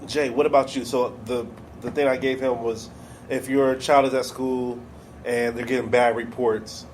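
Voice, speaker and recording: A man's voice: mid-range voice, level tone, normal speed, a little mellow. A man hosting a podcast, asking loose, hesitant questions in casual chat. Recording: faint background noise.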